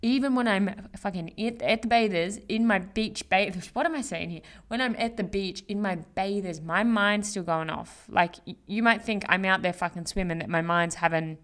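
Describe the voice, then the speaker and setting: This young solo podcast host talks at normal speed with hardly any pauses, her medium-pitched voice a bit bright. It's a casual motivational monologue, chatty and full of slang, fillers and swearing.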